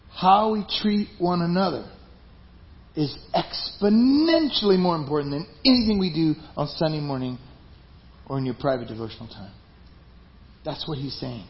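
High-voiced man preaching a sermon. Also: animated, normal speed. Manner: emphatic, conversational preaching. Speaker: pastor. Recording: dull lo-fi recording.

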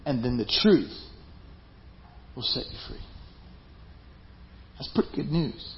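A man preaching a sermon to his congregation, talking conversationally, with some passages loud and emphatic and others dropped to a hushed aside. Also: medium pitch, expressive, slow pace. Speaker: pastor. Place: church sanctuary. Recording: roomy, slightly dull live church recording with faint ambience.

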